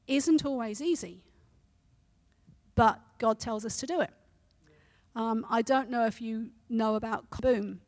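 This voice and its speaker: A woman preaching a sermon who reads scripture and a story aloud in a measured way, with hesitant restarts. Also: on the high side, darkish tone, long reverb tail.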